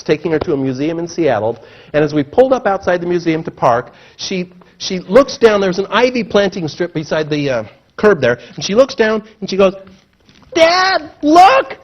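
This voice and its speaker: Lively high-voiced man giving a seminar. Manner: animated, acts out quoted voices. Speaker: motivational speaker. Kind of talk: seminar talk to a live audience. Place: seminar room. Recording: muffled low-fidelity recording.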